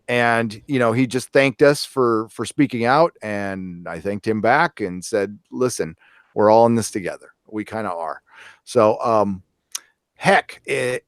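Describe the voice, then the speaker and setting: Middle-aged male co-host, mid-pitched, repeats key words, dry close sound. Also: clean tone, no room sound. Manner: rambling, repeats his key words for emphasis. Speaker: co-host reading viewer super chats. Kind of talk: casual live-stream chat.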